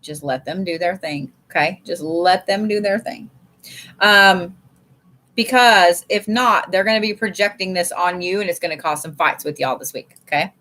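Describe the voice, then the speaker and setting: A woman's voice: on the low side, moderate pace, pushed and bright. A woman giving a casual live card reading, blunt and chatty, swearing freely and calling her viewers y'all. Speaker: tarot and oracle card reader.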